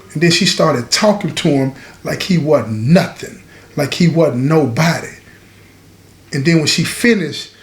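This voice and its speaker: A man's voice: sits high, roomy sound. A man telling listeners a prison story, talking to them directly and repeating phrases for effect. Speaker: storyteller host.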